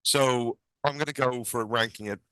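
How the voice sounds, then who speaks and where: A man's voice: mid-range voice, moderate pace, a bit bright, clear, resonant tone, no echo. A man co-hosting a podcast, giving opinionated, enthusiastic film talk in casual chat. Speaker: podcast co-host.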